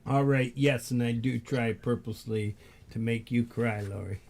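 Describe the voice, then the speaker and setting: A man's voice: mid-range voice, flat delivery, moderate pace, creaky, a little mellow. Man hosting a show, faint noise behind. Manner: hesitant, fills gaps with "uh". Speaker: host. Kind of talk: casual livestream chat.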